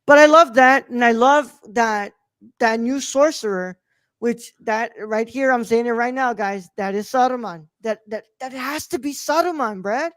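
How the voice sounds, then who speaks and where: A man co-hosting a podcast, chatting casually and excitedly, swearing and laughing often. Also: very high voice, unhurried, dry recording, studio quality. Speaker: podcast co-host. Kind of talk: casual review chat.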